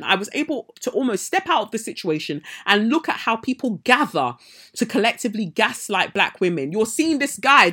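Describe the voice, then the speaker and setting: A woman hosting a podcast, telling a story in a heated, emphatic casual monologue. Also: breathy edge. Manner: emphatic, heated, rises in pitch and loudness when indignant. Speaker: podcast host.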